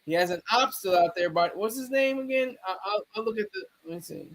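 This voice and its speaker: A man's voice: sits high, animated, fairly quick, fairly bright tone. A man giving casual livestream commentary, rambling, restarting sentences and talking back to his chat. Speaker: streamer.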